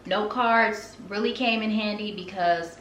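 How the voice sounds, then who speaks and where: A young woman vlogger telling a story to camera in a casual, animated way, acting out her own reactions with big leaps in pitch. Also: unhurried, roomy sound, background noise.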